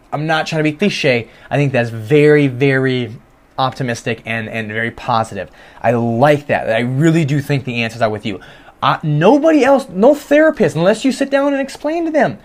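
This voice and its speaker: A man's voice: mid-range voice, expressive, moderate pace. A young man hosting his own podcast from his bedroom, talking through his thoughts in an earnest, rambling way with many restarts. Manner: earnest, rambling, self-reflective with frequent restarts. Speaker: podcast host. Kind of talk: casual solo podcast monologue. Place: home bedroom.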